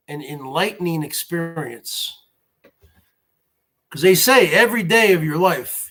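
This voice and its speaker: A man's voice: high-pitched, a bit bright. A man in his forties hosting his own show in a casual, ranting monologue, mocking and repeating himself as he circles back to the same phrase. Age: 40s. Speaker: host.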